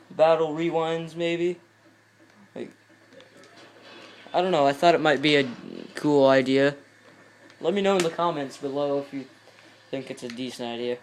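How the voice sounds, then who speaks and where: A man's voice: fairly high pitch, a little hiss or hum. A man giving casual gameplay commentary, rambling and breaking off mid-sentence to chat with viewers. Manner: rambling, self-interrupting, chatty asides to viewers. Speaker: video game commentator.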